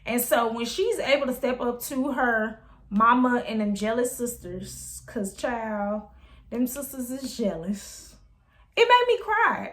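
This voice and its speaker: A young adult woman chatting about books in a casual review vlog, animated and emphatic. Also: fairly high pitch, takes it slowly. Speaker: book reviewer.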